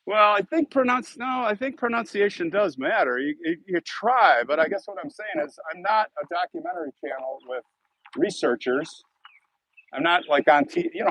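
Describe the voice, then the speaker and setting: A man's voice: fairly high pitch, fairly bright tone, no room sound, poor audio. A man with a Chicago accent, chatting casually and rambling with viewers on a live stream. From Chicago, United States. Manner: rambling and chatty, thanks donors. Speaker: YouTube host on a live stream.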